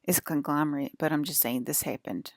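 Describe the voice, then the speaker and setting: Woman vlogger, low and gravelly, rambling and swearing a lot, annoyed, dry close sound. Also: fairly quick, no echo. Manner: profane, irritated rant. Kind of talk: rambling monologue.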